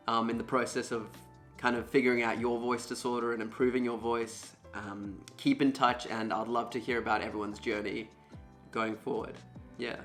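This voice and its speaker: A young man talking casually to camera about his own voice, relaxed and full of fillers. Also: medium pitch. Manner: relaxed, filler-heavy, conversational. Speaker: vlogger sharing his voice disorder story.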